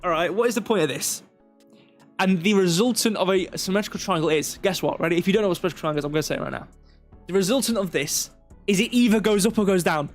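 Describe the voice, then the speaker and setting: A man talks through trading charts on a live stream in a slightly raised voice, stepping point by point and drifting into digressive, self-deprecating asides. Faint music runs underneath. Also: high-pitched. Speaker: crypto livestream host.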